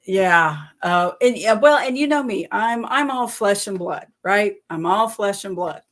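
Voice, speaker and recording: A woman's voice: mid-range voice, animated, unhurried, fairly bright tone. A woman guest in a casual chat, hesitantly beginning to tell a story.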